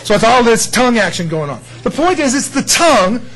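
A man preaching a sermon in a conversational way, with audience asides, swinging between quiet remarks and loud emphasis. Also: extremely high pitch, sing-song, brisk, rough recording. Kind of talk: sermon teaching.

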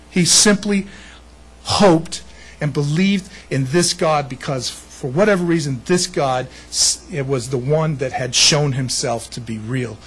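Husky, animated American pastor. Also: male voice, a little high, low-quality recording. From United States. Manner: animated storytelling, laughs often, shifts between loud and hushed. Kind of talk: sermon with personal stories.

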